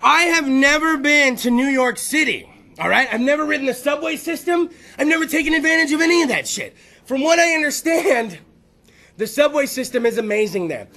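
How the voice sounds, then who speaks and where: Podcast host, male, very high, bright voice, profane rambling comic rant. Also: expressive, a little fast, gravelly. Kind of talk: comedic rant.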